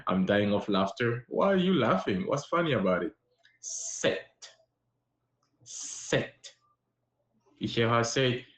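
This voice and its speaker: A man teaching a live-streamed French lesson, patiently encouraging his viewers and repeating words slowly. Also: medium pitch, big pitch swings, a bit bright, roomy sound. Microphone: live-stream app.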